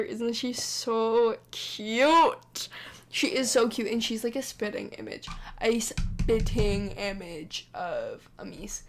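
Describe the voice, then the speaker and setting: A young woman casually narrating her game, chatty and rambling, full of fillers. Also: a little high. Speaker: let's play narrator. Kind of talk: casual gameplay commentary.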